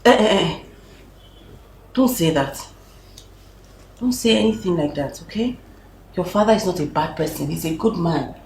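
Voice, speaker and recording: Gravelly, calm Nigerian mother. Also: lowish voice, normal speed, pauses often, a little hiss or hum. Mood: reassuring. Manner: calm, reassuring. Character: steady protective mother reassuring her daughter. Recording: roomy with faint ambience.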